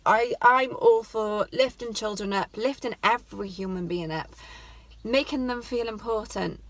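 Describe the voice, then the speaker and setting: A woman's voice: fairly high pitch, creaky, no room sound. A woman, talking earnestly to camera about how parents speak to their children. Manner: earnest, heartfelt, pleading. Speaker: parenting vlogger. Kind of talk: casual talk to camera.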